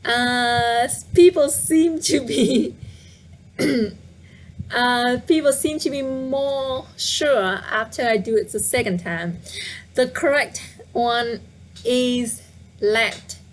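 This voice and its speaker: Woman, live online teacher, patient, slow speech, faint background hiss. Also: on the high side. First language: Vietnamese. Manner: patient, repeats words slowly, asks viewers to guess. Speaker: Vietnamese teacher. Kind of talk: live online language lesson.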